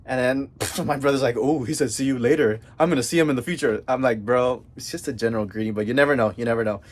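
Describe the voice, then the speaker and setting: A young man recounting a recent outing to his vlog audience in a loose, excited way. He talks fast in bursts, drops slang and fillers all over, and sits at a mid-range pitch. It sounds like a casual at-home recording. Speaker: vlogger.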